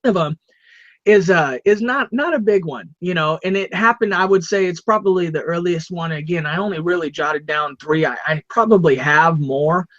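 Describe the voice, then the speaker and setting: A man co-hosting a podcast, telling a rambling, animated story in casual chat and repeating himself. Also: fairly high pitch, moderate pace, no echo, lo-fi sound. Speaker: podcast co-host.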